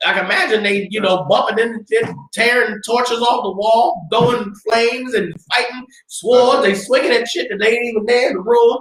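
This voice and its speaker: A man teaching a scripture class, telling the story in a lively way and acting out screams and cries. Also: very high-pitched, moderate pace, few pauses, reverberant, rough recording. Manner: animated storytelling, acts out screams.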